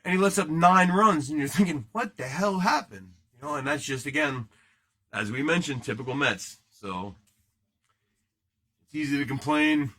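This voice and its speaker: A man's voice: on the high side, moderate pace, long pauses, bright, forceful tone. A man hosting a casual live card break, joking and rambling as he chats with viewers while opening packs. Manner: joking, rambling, banters with chat.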